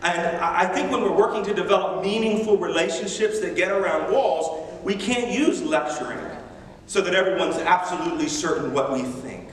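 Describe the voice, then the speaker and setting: A man preaching a sermon as a missionary, animated and emphatic, with self-deprecating humor. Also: high voice, moderate pace, recorded from a distance. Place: large church sanctuary. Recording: echoey church hall from afar.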